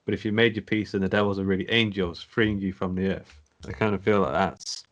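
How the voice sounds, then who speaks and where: A man's voice: low-pitched, fairly even intonation, muffled recording. A man co-hosting a casual horror film podcast over a video call, recapping scenes and reading a quote aloud. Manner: measured, reads quotes aloud. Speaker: podcast co-host. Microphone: home mic on a video call.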